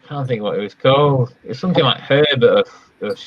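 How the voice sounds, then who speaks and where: A man's voice: medium pitch, quick pace. A man co-hosting a casual live-stream chat, easygoing and rambling, often losing his train of thought. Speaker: co-host. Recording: dull lo-fi stream audio.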